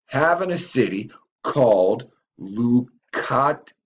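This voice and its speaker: A man's voice: mid-range voice, animated, takes it slowly. A man hosting his own channel, reading passages aloud and commenting on them in a profane, rambling way, stumbling over names. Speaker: channel host.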